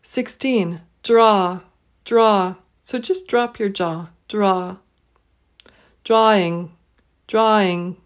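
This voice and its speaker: Slow, deliberate woman teaching pronunciation. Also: medium pitch. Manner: says each word twice, clearly and slowly.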